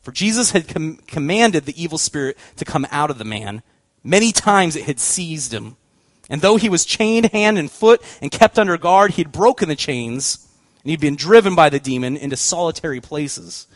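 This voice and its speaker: A man giving a storytelling sermon as a youth pastor, animated and acting out voices, laughing often. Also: on the high side, moderate pace, no echo.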